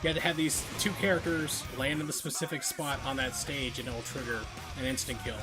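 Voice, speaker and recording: A man streaming a retro game, chatting casually in a rambling, filler-heavy way and quick to break into a rant. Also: medium pitch, little pitch movement. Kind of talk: casual live-stream chat while gaming. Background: game music.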